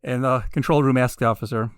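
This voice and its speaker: A man hosting a podcast in a casual monologue, wry and sarcastic with laughing asides, building to emphatic, drawn-out peaks. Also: mid-range voice, fairly even intonation, clear, resonant tone, no echo, studio quality. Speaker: podcast host.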